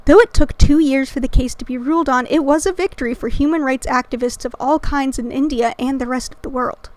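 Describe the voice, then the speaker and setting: Woman host, high voice, dry close sound; earnest scripted explainer read with offhand slangy asides. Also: brisk, no room sound. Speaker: channel host. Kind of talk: scripted educational narration.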